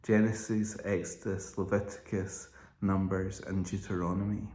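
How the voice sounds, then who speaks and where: A man in his thirties, giving a calm devotional reflection in a slow, gentle way with small restarts. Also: low-pitched. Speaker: church member giving a devotional. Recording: roomy echo.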